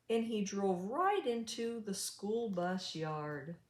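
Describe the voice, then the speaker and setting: A woman's voice: medium pitch, animated, slow, few pauses, darkish tone. A woman reads a children's picture book aloud in a roomy, echoey space. She takes her time over every line, and her voice swoops up and down in a sing-song storytelling way. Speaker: storybook reader. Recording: roomy echo.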